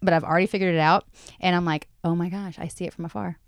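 A woman's voice: lowish voice, steady tone, fast talker, smooth, dry recording. A woman co-hosting a casual chat show, rambling with enthusiasm and restarting her sentences often. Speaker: podcast co-host.

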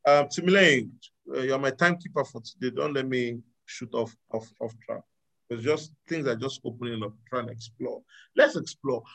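A man preaching a sermon to a live audience, animated, swinging between loud exclamations and quiet asides. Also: medium pitch, moderate pace, gravelly, poor audio. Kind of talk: sermon with audience call-and-response.

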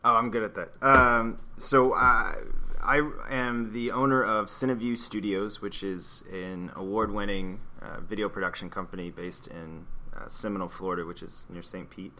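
A man's voice: on the low side, steady tone, normal speed, bright, forceful tone. A man in his thirties, a guest on a podcast, talking in a rambling, self-conscious way with many hesitations. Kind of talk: casual chat.

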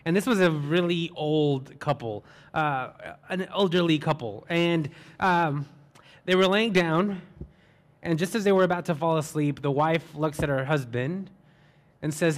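Man, fairly high voice, sermon, relaxed storytelling, rhetorical questions. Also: measured pace. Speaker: preacher.

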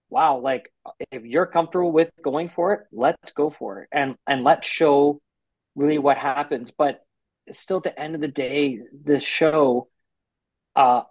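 A man giving an interview about a TV series he works on, talking with lively restarts and acted-out quotes. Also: a little high, dry recording, highs cut off. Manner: animated, quick restarts and quoted asides.

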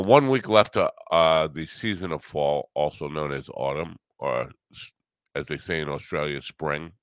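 Middle-aged guy rambling on his morning show, super deep voice, wry teasing jokes, dead dry sound. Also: a bit bright, no room sound. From US Northeast. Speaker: podcast host. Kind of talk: solo rambling morning chat.

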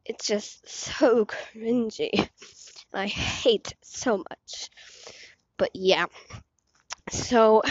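A woman's voice: a little high, very animated, slow, pauses often, no echo. A teenage girl with an Icelandic accent, sick with a sore throat, rambling in a self-deprecating way while she walks outdoors. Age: teens. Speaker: podcast host. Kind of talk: casual rambling monologue. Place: outdoors, walking along a street. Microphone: cheap earbud headphone mic. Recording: dull lo-fi earbud mic.

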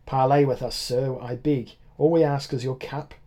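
A man voicing a suave French revolutionary captain who calls out smooth, mocking demands. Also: mid-range voice, fairly even intonation, moderate pace, dark tone, natural voice. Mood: calling.

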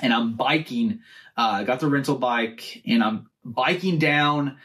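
A man hosting a podcast, telling an animated story about a bad day, laughing at his own misfortune. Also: medium pitch, measured pace. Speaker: podcast host. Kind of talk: casual storytelling.

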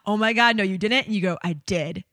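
A woman's voice: mid-range voice, a little fast, fairly bright tone, dry recording, studio quality. A woman co-hosting a casual chat, telling bawdy stories frankly and laughing often. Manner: candid, bawdy storytelling with frequent laughter. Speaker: podcast co-host.

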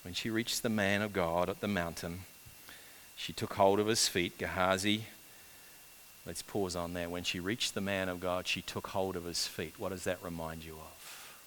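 A man preaching a sermon, swinging between loud urgent build-ups and hushed, quiet passages. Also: sits low, fairly even intonation, moderate pace, slight background noise. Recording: long reverb of a large hall.

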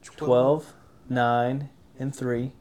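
A man in his thirties with a mid-range voice, chatting as a guest on a podcast. He talks earnestly about faith and family, in a relaxed, conversational way. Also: medium pitch, drawn-out words. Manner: earnest, faith-focused talk. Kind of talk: casual chat.

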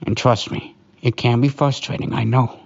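A man doing a comforting partner role-play, talking softly and slowly in a hushed, soothing way. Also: mid-range voice, fairly even intonation, gravelly, lo-fi sound. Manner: soft, hushed, soothing and slow. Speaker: storyteller.

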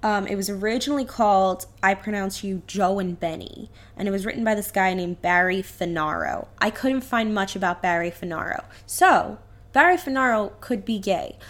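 A woman co-hosting a podcast, telling a story in animated casual chat and acting out the characters. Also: mid-range voice, normal speed. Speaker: podcast co-host.

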